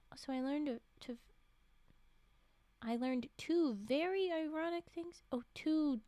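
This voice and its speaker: A woman streamer in casual, playful chat who rambles, stammers when flustered and often drops into a soft whisper. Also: sits high. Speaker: streamer and storyteller.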